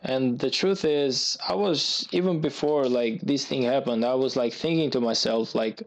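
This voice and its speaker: Gravelly man ranting over gameplay. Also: medium pitch, moderate pace. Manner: agitated, repetitive venting. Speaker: gaming YouTuber. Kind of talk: gameplay commentary rant.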